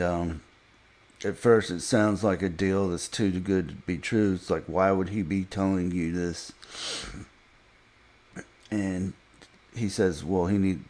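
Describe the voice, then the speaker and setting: Slow, low-voiced man rambling a recap. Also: dark tone. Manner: halting, many fillers and restarts. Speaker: podcast reviewer. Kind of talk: casual episode recap.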